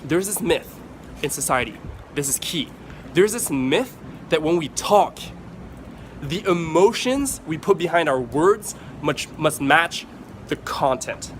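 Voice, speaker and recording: A man vlogging to camera, giving casual advice in an animated way, swearing freely and acting out excited examples. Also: on the high side, takes it slowly, a little hiss or hum.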